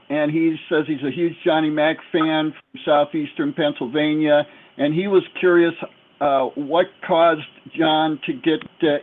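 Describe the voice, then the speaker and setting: Brisk man on a phone line. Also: a little high. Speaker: show staff screening callers. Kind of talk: casual radio chat. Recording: tinny phone-line audio.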